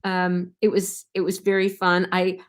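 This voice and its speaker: A middle-aged actress recalling her time on a show in a relaxed interview, rambling with many fillers and restarts. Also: lowish voice, a little slow. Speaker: actress guest. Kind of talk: casual interview anecdotes.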